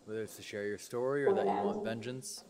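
A man hosting a night ghost hunt outdoors by a cemetery, joking and quick to laugh as he calls out to spirits. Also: on the low side, steady tone, over a noisy crowd. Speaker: ghost hunting host. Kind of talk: casual chat to camera and to spirits.

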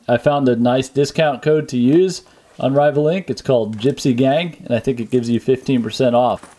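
A man in his thirties hosting a casual product vlog, explaining things in a relaxed, friendly way to his kids and viewers. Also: mid-range voice. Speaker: YouTube channel host and dad.

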